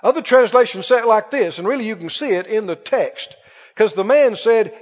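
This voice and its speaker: A man preaching a sermon with emphasis, slowly drawing out quoted pleas and scripture. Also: high-pitched, lively intonation. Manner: emphatic, drawn-out quoting of pleas. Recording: dull recording in a reverberant hall.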